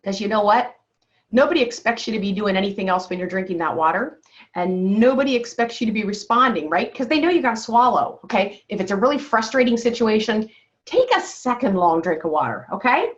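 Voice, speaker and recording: A woman's voice: medium pitch, lively intonation, fairly quick. A woman health coach leading a wellness call, coaching her listeners and checking in with "okay?" after almost every point. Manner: coaching tone, keeps asking "okay?". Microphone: video call. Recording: dull lo-fi video call audio.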